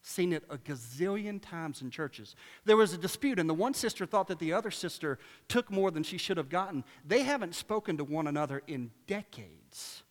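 A man preaching a sermon as pastor, passionate and sarcastic by turns, moving between quiet storytelling and loud exhortation in a large church. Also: a little high, animated, normal speed, few pauses. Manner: sarcastic asides. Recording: long reverb of a big church hall.

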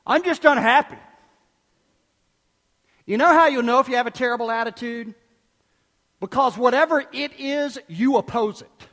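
A man preaching a sermon as pastor, animated, swinging between loud outbursts and hushed, quiet lines. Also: very high voice, long reverb tail. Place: church.

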